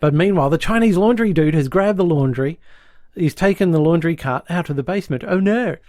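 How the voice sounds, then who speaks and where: A man co-hosting a podcast, recapping a sitcom plot in lively casual chat and dropping into quick voices for the characters. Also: fairly high pitch, no room sound, studio quality. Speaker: podcast co-host.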